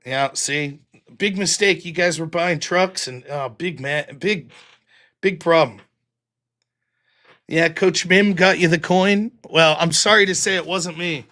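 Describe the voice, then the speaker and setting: A man's voice: fairly high pitch, a little slow, pushed and bright. A man hosting a livestream, chatting in a sarcastic, rambling way full of swearing while reading out donations. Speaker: show host.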